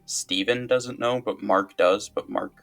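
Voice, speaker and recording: A man's voice: lowish voice, a little slow, fairly bright tone, soft background music. A man co-hosting a podcast, talking hesitantly with many fillers as he thinks aloud. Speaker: podcast co-host. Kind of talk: casual chat.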